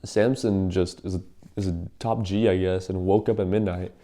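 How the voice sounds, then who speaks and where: A man's voice: low voice, steady tone, normal speed, mellow. A young man casually retelling a Bible story in a rambling, slangy way, with lots of fillers.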